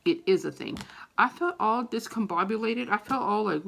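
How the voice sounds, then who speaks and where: Woman, middle-aged, gravelly fry, vlog storytelling, animated, profane. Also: mid-range voice, brisk. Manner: animated, profane, acts out quoted voices. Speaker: vlogger. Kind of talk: casual storytelling to camera.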